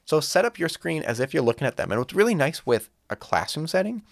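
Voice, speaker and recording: Fast and sing-song, with vocal fry and a pitch on the high side, a music teacher casually demonstrates virtual classroom setup in an online tutorial. He uses a studio microphone in his green-walled home studio, and the sound is clean with no room noise.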